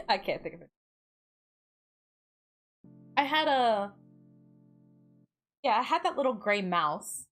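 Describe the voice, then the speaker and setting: Woman streamer, fairly high voice, giggly, rambling chatter, soft music underneath. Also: big pitch swings, slow, long pauses. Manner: giggly, rambling, lots of "like" fillers. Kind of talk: casual chat while gaming.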